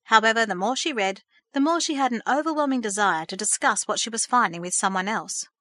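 A woman reading a story aloud in a measured, gentle storytelling manner. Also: a little high, expressive, dry recording. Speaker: narrator. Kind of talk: scripted storybook narration.

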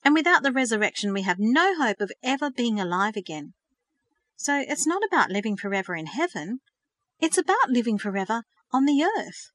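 A woman's voice: a little high, big pitch swings, fairly quick, a bit bright, no room sound, studio quality, voice pushed up. A woman reading the part of an earnest, hopeful teenage girl of faith. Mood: eager. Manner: earnest, eager. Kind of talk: audiobook reading.

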